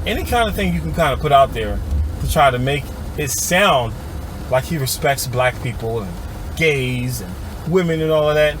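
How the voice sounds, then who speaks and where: A man's voice: medium pitch, animated, normal speed, background noise. A man giving a heated, sarcastic political commentary straight to his viewers, calling them y'all. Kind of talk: ranting video commentary.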